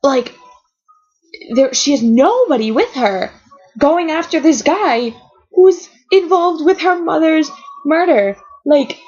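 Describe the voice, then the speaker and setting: High-pitched but darkish in tone, this woman speaks slowly with lively intonation as she gushes over a TV episode in a home vlog. Her emotional, rambling reaction trails off mid-sentence, captured in dull, lo-fi webcam sound.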